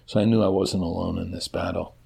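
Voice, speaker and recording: A middle-aged man telling his own story candidly in an interview, pausing and restarting often. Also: sits low, steady tone, gravelly, warm tone, breathy edge. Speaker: interview guest.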